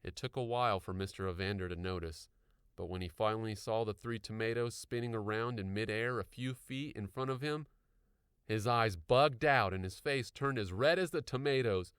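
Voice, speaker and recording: A man narrating an audiobook with expressive storytelling. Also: fairly low pitch, normal speed, clear, resonant tone, dry recording, clean studio sound.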